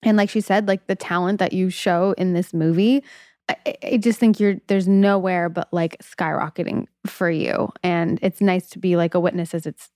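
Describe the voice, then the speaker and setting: A woman's voice: fairly low pitch, steady tone, normal speed, a little mellow, no echo. Woman co-host, bubbly and giggly, dry studio mic. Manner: bubbly, laughing often. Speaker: podcast co-host. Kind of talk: casual podcast chat.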